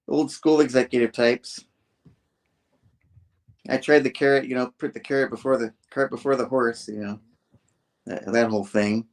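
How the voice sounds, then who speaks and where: A man's voice: mid-range voice, fairly even intonation, normal speed, pauses often. A man casually retelling a comic book scene by scene, acting out the characters' lines in loose voices. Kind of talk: casual chat.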